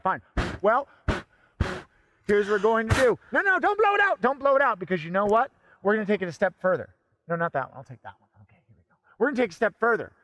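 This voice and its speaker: A fire performer talks his way through a comic act in a high, bright voice, theatrical and bossy. His pitch jumps around constantly and sometimes breaks into shouting. The sound is close and dry. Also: no echo. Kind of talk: comic stage patter.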